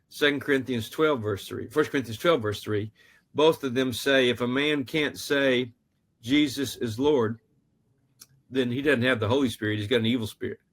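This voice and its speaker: A man's voice: mid-range voice, fairly bright tone. A man, an author, telling a personal story in an earnest, anecdotal way during an interview. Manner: earnest, anecdotal, with frequent restarts. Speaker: author and guest.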